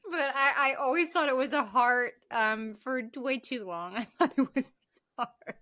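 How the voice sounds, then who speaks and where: A woman co-hosting a podcast in casual chat, animated and laughing often as she talks. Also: sits high, a little slow. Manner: animated, laughs often, swears when worked up. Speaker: podcast co-host.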